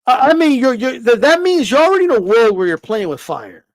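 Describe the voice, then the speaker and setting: Ranting high-voiced man, dry close mic. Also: very animated, brisk, no echo. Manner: ranting, profane, repeats words, asks rhetorical questions. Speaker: boxing commentator on a live stream. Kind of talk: casual opinionated commentary.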